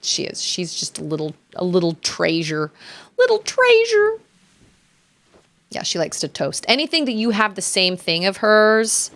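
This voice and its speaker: A young woman streaming a video game and chatting casually with her viewers, giggling often and greeting them in high, bright bursts. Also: normal speed, few pauses. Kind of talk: casual live-stream chat.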